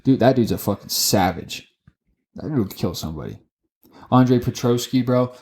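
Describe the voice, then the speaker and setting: A young man co-hosting a sports podcast, swearing constantly and tripping over his words as he rushes through his opinions. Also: medium pitch. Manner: profane, excitable, stumbles and repeats words. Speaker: podcast co-host. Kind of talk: casual sports chat.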